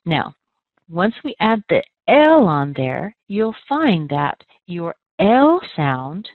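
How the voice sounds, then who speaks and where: An American woman, an accent trainer, giving a patient pronunciation lesson and demonstrating sounds slowly and clearly. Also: lowish voice, big pitch swings, no echo. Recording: dry, phone-like narrow sound.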